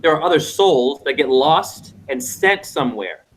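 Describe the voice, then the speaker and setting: Rambling lecturing man, slightly high voice. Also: expressive, normal speed. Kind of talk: casual online panel talk.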